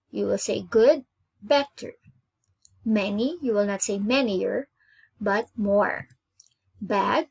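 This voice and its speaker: A woman with an Indonesian accent teaching an English grammar lesson, explaining rules patiently and repeating each example slowly. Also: mid-range voice, vocal fry, darkish tone, slightly rough.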